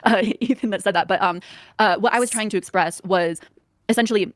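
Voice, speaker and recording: A woman's voice: mid-range voice, a little fast, no echo, clean studio sound. A woman in a podcast discussion who talks hesitantly, with many fillers, restarts and nervous laughs.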